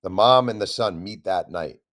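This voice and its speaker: A man, an author guest on an interview show, telling a long story with lively acted-out quotes. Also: deep voice, moderate pace. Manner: animated storyteller, acts out quoted voices.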